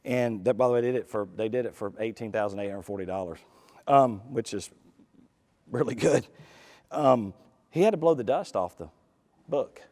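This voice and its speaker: A man giving a lively, folksy talk to a live conference audience, with many quick asides. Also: medium pitch. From United States. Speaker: conference speaker. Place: conference hall. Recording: reverberant hall.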